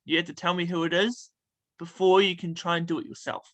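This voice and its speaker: A man's voice: high voice, flat delivery, a little fast, fairly bright tone. A man hosting a casual interview, giggly and hesitant, with lots of fillers. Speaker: interview host.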